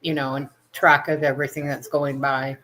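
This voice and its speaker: A woman's voice: extremely low pitch, little pitch movement, normal speed, a bit bright. A woman moderating a livestream chat, talking casually with frequent "you know" fillers.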